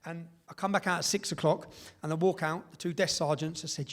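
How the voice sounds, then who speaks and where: A man's voice: a little high, steady tone, brisk. A middle-aged English man from Britain giving a live speech, telling his story emphatically and often tagging sentences with "yeah?". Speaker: public speaker. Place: event hall.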